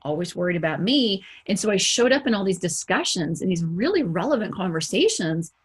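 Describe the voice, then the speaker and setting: Speaking directly to the camera, an executive coach gives a motivational talk in a slightly husky, breathy voice pitched fairly low and moving a little fast. She's animated and conversational, firing rhetorical questions at the listener and briefly voicing quoted remarks with extra liveliness.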